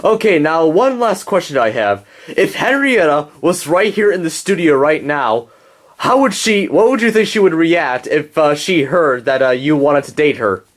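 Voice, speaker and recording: A man in a homemade puppet show, interviewing puppet guests in an excitable, rambling way. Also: a little high, normal speed.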